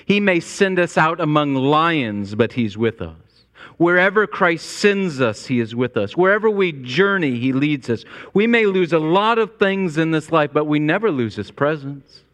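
A man preaches in a church sanctuary, his fairly high voice climbing to emphatic peaks before sinking low and quiet. Long reverb from the big hall hangs behind every phrase. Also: expressive, unhurried. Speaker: pastor. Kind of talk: sermon.

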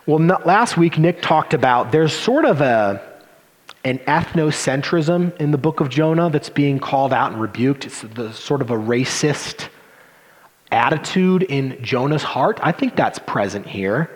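A man preaching a sermon as pastor, animated and given to sarcastic asides. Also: mid-range voice, unhurried. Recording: long reverb of a hall.

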